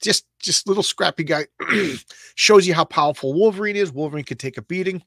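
A middle-aged man hosting a casual comics read-through, excitable and rambling with stammered repeats. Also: high-pitched, brisk, gravelly, no room sound, clean studio sound. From Long Island, New York. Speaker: comics show host.

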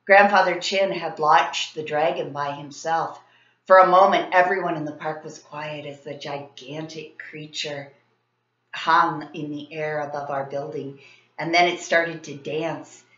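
Female teacher, expressive children's read-aloud; echoey, slightly muffled recording. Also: low-pitched, a little slow. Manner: expressive, animated storytelling. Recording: roomy, slightly dull sound.

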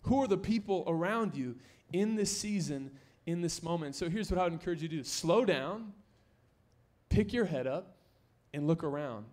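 A young man preaching a sermon in a church, joking with the congregation and rising to near-shouts to stress his points. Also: fairly high pitch, animated, moderate pace. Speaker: pastor. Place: church sanctuary.

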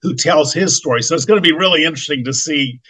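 A man hosting a panel discussion, asking measured questions. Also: a little high, fairly bright tone, slightly rough, poor audio. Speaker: host.

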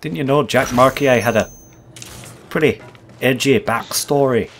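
A man's voice: medium pitch, moderate pace, slight background noise, close to an everyday voice. A man voicing a crude, taunting gamer persona in a put-on accent he admits is not his own, trash-talking through gameplay commentary. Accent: put-on accent he says is not his own. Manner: foul-mouthed, brash trash talk. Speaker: host.

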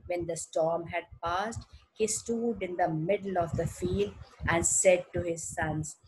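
Indian English woman, teacher explaining a textbook story, breathy husky voice, lowish pitch, patient. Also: fairly even intonation, darkish tone, low-quality recording. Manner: reads a passage aloud, then explains it simply; slow, careful teaching tone with fillers.

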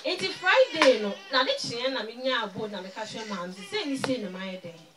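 A woman with a Ghanaian accent giving a spoken testimony at a church service, mixing Twi and English and swinging from loud to very soft. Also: on the high side, animated, fairly quick, far from the mic, very noisy.

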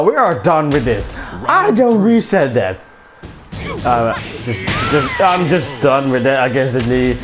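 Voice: medium pitch, very animated, a little slow, pauses often. A gamer giving fighting-game play commentary, exasperated and swearing, often laughing at their own frustration. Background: game music.

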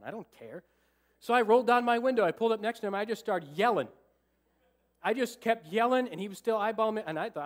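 Preaching in a church sanctuary, a male pastor with a bright, high voice tells a story full of lively energy. He animatedly plays out his own thoughts and trades jokes with the congregation.

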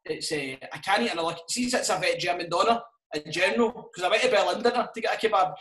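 A man's voice: high voice, fast, a bit bright. A Scottish man and comedian chatting casually on a podcast, swearing a lot and laughing through his stories. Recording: roomy echo.

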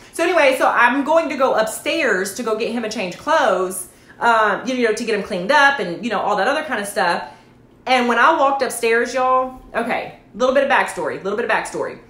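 Lady in her 30s telling a story on a live stream, calling everyone y'all, voice sits a bit high, echoey room. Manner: chatty, addresses viewers as y'all, animated asides. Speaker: network marketing livestream host. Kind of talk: casual livestream storytelling. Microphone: phone or webcam livestream.

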